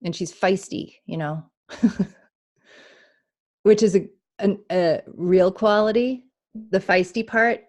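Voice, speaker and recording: A woman healer giving a spiritual reading on a talk show, speaking in an animated way, acting out inner voices and laughing often. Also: mid-range voice, slow, pauses often.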